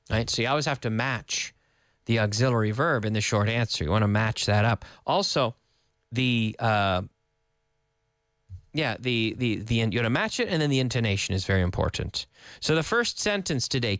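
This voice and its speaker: A middle-aged male English teacher with a lively, sing-song delivery that rises and falls a lot. He tells anecdotes and acts out short exchanges to show pronunciation. His voice sounds dry and close, with no room behind it. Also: medium pitch, normal speed, no room sound. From English-speaking country, living in Spain. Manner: lively storytelling, acts out dialogue, hums intonation patterns.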